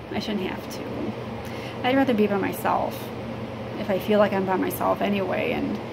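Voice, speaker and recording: A woman from Illinois talks to the camera in a personal vlog, halting and rambling with many fillers. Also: mid-range voice, gravelly. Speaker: vlogger. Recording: steady background noise.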